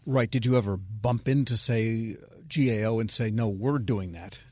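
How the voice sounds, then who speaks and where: A husky, low-pitched man hosts the interview, steering it with easy conversational questions. His voice sits close and dry. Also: normal speed, a little mellow, no room sound. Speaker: radio show host.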